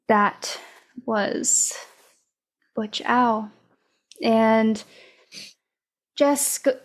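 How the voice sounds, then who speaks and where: Woman host, unhurried book recap, mid pitch, lots of ums and likes. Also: creaky. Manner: unhurried retelling with many fillers. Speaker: podcast host. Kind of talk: casual book discussion.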